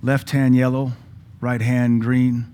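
A man's voice: mid-range voice, little pitch movement, slow, dark tone, a little hiss or hum. A male pastor, preaching a sermon in a conversational, folksy way with asides to the congregation. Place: church.

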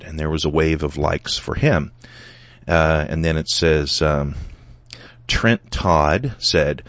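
A man's voice: extremely low pitch, measured pace, dry recording. A man hosting a solo podcast, retelling an online argument and reading comments aloud with many fillers. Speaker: podcast host. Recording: dull lo-fi dry sound.

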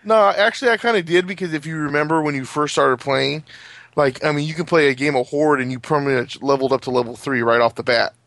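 A man's voice: a little high, steady tone, fast, a bit bright, dry recording. Rambling man in casual gaming chat. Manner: rambling, many fillers and restarts.

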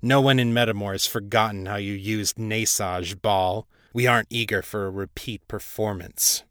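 Man voicing a gruff growling leader. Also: fairly low pitch, steady tone, normal speed, fairly bright tone, no echo, clean studio sound, close to an everyday voice. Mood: hostile. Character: gruff, distrustful male city leader.

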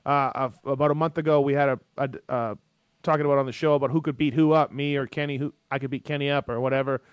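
A man's voice: medium pitch, fairly even intonation, fast talker, smooth, no room sound. A man hosting a radio show, joking bluntly in casual chat. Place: radio studio.

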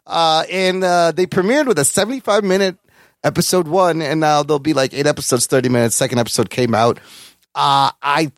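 A man co-hosting a podcast in casual chat, profane and enthusiastic, with animated swings in pitch. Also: fairly quick, dry recording, clean studio sound. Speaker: podcast co-host.

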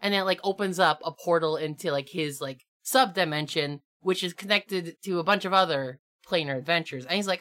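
A woman's voice: on the low side, a little fast, hardly any pauses, fairly bright tone. A young adult woman, a game master, chatting casually on a tabletop gaming podcast in a bubbly, rambling way. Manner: bubbly, rambling, lots of filler and laughter.

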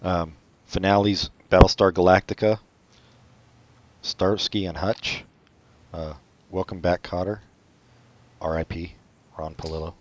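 A man co-hosting a podcast, chatting casually with sardonic, deadpan asides. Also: low voice, unhurried, pauses often, lo-fi sound, a little hiss or hum. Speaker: podcast co-host. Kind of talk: casual chat.

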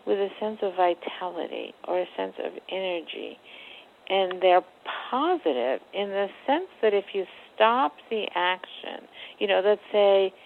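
A woman psychotherapist on a phone interview, talking in a measured, searching way with many fillers. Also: medium pitch, gravelly, slight background noise. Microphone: telephone. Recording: tinny phone line.

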